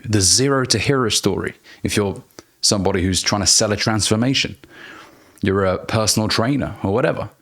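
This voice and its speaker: Deliberate, emphatic male speaking coach. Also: fairly low pitch, fairly bright tone. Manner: deliberate, emphatic, slows down to stress key words; blunt, casual, occasional swearing. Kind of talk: direct-to-camera coaching lesson.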